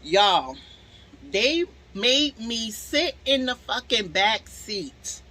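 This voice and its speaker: A young woman telling a storytime to her viewers in a casual, animated way, swearing freely. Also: fairly high pitch, drawn-out words, poor audio.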